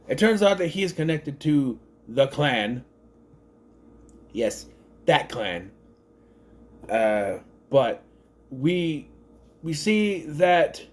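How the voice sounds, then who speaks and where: A man reviewing a film in a loose, unscripted way, his pitch swinging up and down a lot as he talks. He rambles, restarts sentences and corrects himself mid-thought. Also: a little mellow. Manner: rambling, self-correcting, thinks aloud with many restarts. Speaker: movie reviewer. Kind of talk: casual spoken movie review.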